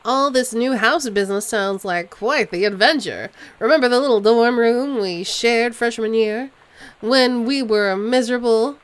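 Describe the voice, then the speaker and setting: A woman's voice: on the high side, close to an everyday voice. A woman reading out a game letter as a chatty middle-aged woman, in a mildly transatlantic, slightly nasal old-movie accent.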